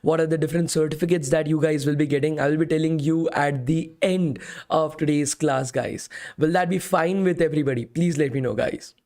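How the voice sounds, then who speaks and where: A man's voice: a little high, steady tone, fairly quick, few pauses, darkish tone. A young man from India with an Indian English accent, leading a live coding bootcamp class with a voice strained from talking all day, chatty and often saying "okay" and "guys". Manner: chatty, repeats "okay" and "guys", reads chat questions aloud.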